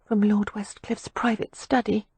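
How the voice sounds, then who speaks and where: A woman voicing an anxious, remorseful young girl who speaks in a guilty, hushed way for a storybook. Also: high-pitched, moderate pace, breathy edge, no room sound, voice pushed up. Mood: mortified.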